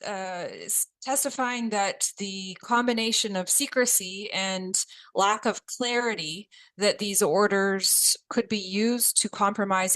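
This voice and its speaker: A woman testifying as an expert witness at a committee hearing, speaking in a measured, precise way with occasional restarts. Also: mid-range voice, fairly bright tone, no room sound, low-quality recording.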